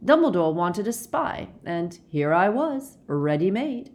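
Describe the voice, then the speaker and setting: A woman reading a calm, weary middle-aged werewolf man, measured and gentle in an audiobook. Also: fairly low pitch, pitched above the performer's own voice.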